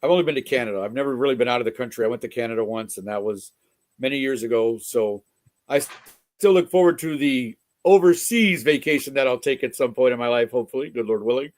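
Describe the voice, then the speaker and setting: A man's voice: medium pitch, quick pace. A man hosting a casual talk show, chatting and joking asides to the audience. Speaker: host. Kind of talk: casual chat.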